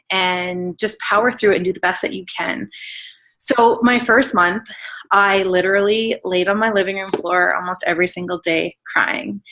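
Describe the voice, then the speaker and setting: A medium-pitched, slightly bright female voice. The thirty-something woman speaks as a guest on a team call, offering a sincere and emotional personal story in relaxed, filler-heavy talk.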